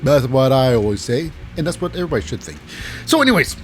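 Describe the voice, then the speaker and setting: A man's voice: medium pitch, sing-song, fast talker, soft background music. A man casually recapping wrestling matches alone, rambling and sarcastic, often acting out what people said in silly voices. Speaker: wrestling show recap host. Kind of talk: casual solo recap commentary.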